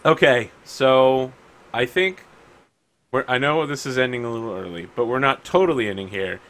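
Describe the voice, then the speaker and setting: A man casually narrating as game master for a tabletop game, quick and joking. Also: medium pitch, a bit bright.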